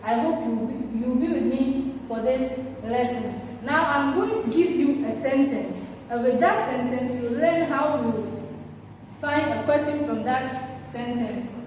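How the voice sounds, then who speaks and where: A woman gives a classroom lesson in a high, clear voice. She speaks slowly and stresses her words so learners can follow. The recording is distant and very echoey, with a long reverb tail. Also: darkish tone. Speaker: teacher. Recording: echoey room, distant mic, faint hiss.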